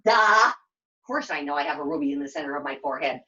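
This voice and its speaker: A woman puppeteer voicing a chatty, excitable young girl who talks in quick, sassy bursts during a puppet show. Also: low-pitched, dull audio. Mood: sassy, excited. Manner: breathless, sassy, quick to exclaim.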